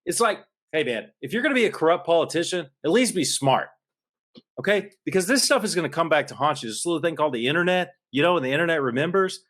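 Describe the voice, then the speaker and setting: A man's voice: fairly high pitch, expressive, fast, a bit bright. A man co-hosting a podcast, ranting in a heated, worked-up way into a studio mic. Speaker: podcast co-host. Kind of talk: political podcast rant.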